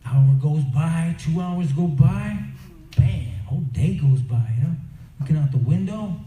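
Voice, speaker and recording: Animated storytelling man in a roomy hall. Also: on the high side, unhurried. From Crow Reservation, Montana. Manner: animated storyteller, acts out characters; conversational, full of "you know". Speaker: performer and motivational speaker. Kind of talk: storytelling talk to youth. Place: event hall. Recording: roomy echoing venue, faint ambience.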